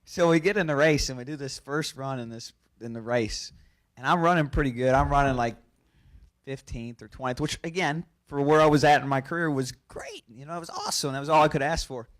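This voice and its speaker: A man holds the floor at a press conference and spins an animated racing anecdote. His voice sits at an ordinary middle pitch. He laughs as he goes and trips into quick restarts. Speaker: race car driver at a press conference.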